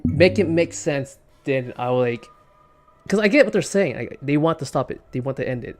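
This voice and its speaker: A man's voice: fairly high pitch, lively intonation, normal speed, soft background music. A man streaming a game and talking casually, rambling with stammering restarts, repeated words and casual swearing. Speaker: gaming streamer. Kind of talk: casual commentary while gaming.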